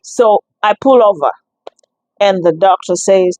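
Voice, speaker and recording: A woman giving a personal testimony, telling her story in an animated, expressive way, with many restarts and acted-out exchanges. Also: mid-range voice, measured pace, dry recording, rough recording. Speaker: guest sharing a testimony.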